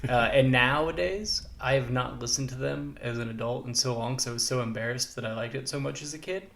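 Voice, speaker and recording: A man with a mid-range voice co-hosts a podcast. His talk is chatty and animated, with plenty of "like" asides. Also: medium pitch, a little fast, gravelly. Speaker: podcast co-host. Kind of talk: casual chat.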